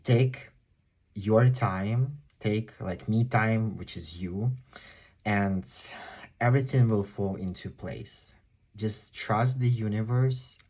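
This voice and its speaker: Husky, excitable tarot-reading man. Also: on the low side, slow. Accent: non-native English speaker. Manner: chatty, excitable, exclaims often. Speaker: tarot reader. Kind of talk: pick-a-card tarot reading.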